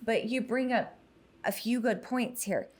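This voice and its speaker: A woman podcast guest talking about youth mental health in an earnest, emphatic way, in casual conversation. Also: a little high. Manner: earnest, emphatic, quick to explain.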